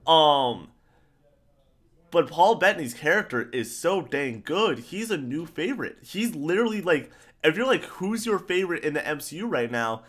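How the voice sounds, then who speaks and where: A man co-hosting a podcast, chatting casually and excitedly about films, rambling and repeating himself. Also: on the high side, moderate pace. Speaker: podcast co-host. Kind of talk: casual pop-culture chat.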